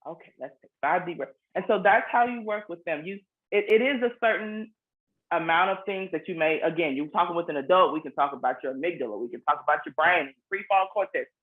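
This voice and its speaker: A woman's voice: lowish voice, fast talker. A woman, a children's book author, explaining things earnestly in a casual interview, often restarting her phrases. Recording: phone-like narrow sound.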